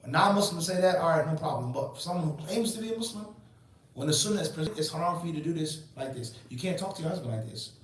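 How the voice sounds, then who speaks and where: A preachy, emphatic Islamic lecture comes from a man in his forties whose slightly high voice is expressive and quick. He answers his own rhetorical questions, and the recording carries a little hiss or hum, a very echoey room, and a far-off mic.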